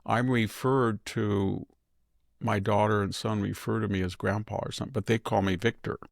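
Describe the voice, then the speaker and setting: Older man, low gravelly voice, measured commentary, digressive, dry close mic. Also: fairly even intonation, dry recording. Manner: measured, digressive, thinks aloud. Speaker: host and commentator. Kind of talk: conversational political commentary.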